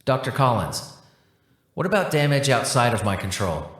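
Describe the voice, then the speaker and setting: A man's voice: medium pitch, very animated, moderate pace, a bit bright. A man voicing a confused, polite scientist who speaks hesitantly and apologizes often. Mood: unsure. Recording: roomy echo.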